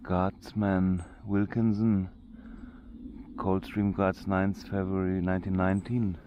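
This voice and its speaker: A man's voice: low voice, completely flat delivery, slow pace, highs cut off, background noise. A man with a German accent narrating a casual walking tour outdoors, often restarting his sentences as he searches for English words. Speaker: vlogger. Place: outdoor cemetery.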